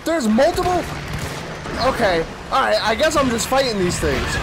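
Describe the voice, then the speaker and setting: A man with a very high voice narrates his own game session, shouting and cursing at each scare. His delivery swings widely in pitch, and he talks in a slow, drawn-out way with game music behind him. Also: gravelly. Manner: excitable, swearing, trash-talking the game; sudden yelps and shouts. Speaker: gaming channel host. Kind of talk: gameplay commentary.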